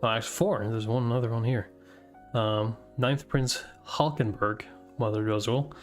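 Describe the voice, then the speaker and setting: A man casually reading a comic aloud and reacting, thinking out loud with many fillers and breaking into surprised swearing. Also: medium pitch, unhurried, faint music behind. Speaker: host reading manga aloud.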